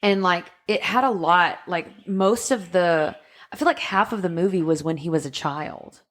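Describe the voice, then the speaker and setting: A woman's voice: on the low side, normal speed. A woman co-hosting a podcast, talking casually with lots of ums and likes. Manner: chatty, frequent ums and likes. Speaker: podcast co-host. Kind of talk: casual chat.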